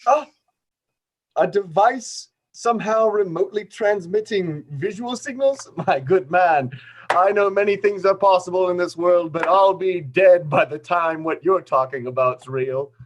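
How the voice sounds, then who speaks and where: A man playing a pompous old-fashioned gentleman with a put-on transatlantic accent, in an improvised comedy scene over a video call. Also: high voice, a little slow. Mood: haughty. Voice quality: affected, haughty upper-class delivery.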